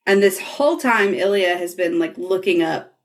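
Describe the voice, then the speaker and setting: A woman hosts a podcast with a somewhat low voice. She retells a scene in casual talk, laughs often and swears freely. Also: moderate pace. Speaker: podcast host.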